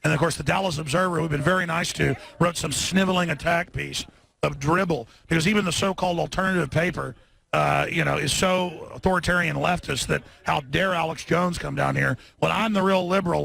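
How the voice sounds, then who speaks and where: A man hosting a live broadcast from a street protest, talking in a rapid, combative rant and leading chants through a bullhorn. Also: a little high, creaky. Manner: shouts slogans through a bullhorn. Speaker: talk show host.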